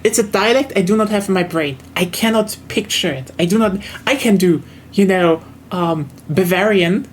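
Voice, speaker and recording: A woman's voice: mid-range voice, normal speed, a little hiss or hum. A young woman from southern Germany with a German accent, chatting casually as a streamer while gaming, rambling with lots of fillers and restarts.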